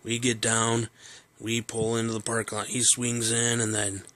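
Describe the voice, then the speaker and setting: A man's voice: mid-range voice, completely flat delivery, moderate pace, a bit bright. A man casually telling a personal story, rambling with fillers and restarts.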